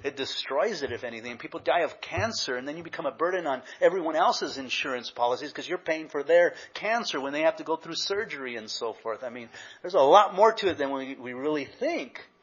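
A man's voice: fairly high pitch, lively intonation, a little fast, a bit bright, slightly rough, muffled recording. A man, an associate pastor, preaching a conversational sermon with anecdotes.

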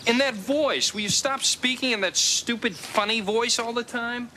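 A man's voice: very high-pitched, moderate pace, pushed and bright. An actor playing an irritated young man in a sketch, fed up with his friend while trying to meet a woman. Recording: noisy clip played from a TV sketch.

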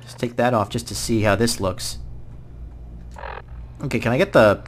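A man giving casual let's-play commentary, excitable, swinging from mumbling to loud outbursts. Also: medium pitch, normal speed, slight background noise. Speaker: gaming YouTuber.

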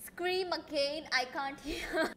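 Young woman streamer, high and lively, unhurried, noisy background; chatty live play. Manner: excitable, chatty, reads game lines aloud. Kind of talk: live game commentary.

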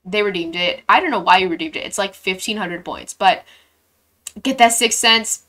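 A woman's voice: mid-range voice, normal speed, a bit bright. A young woman live streamer chatting casually while building in a game, bubbly and playful, gushing thanks to her viewers.

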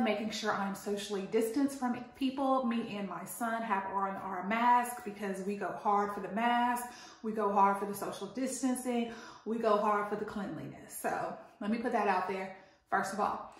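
A woman telling an animated, indignant storytime rant to her viewers. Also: medium pitch. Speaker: vlogger. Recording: very echoey room.

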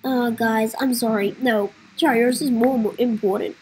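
A woman's voice: a little high, steady tone, normal speed, a little mellow, a little hiss or hum, low-quality recording. A woman hosting a casual game playthrough, speaking straight to her viewers in a melodramatic way. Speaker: gaming channel host. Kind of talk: casual let's-play commentary.

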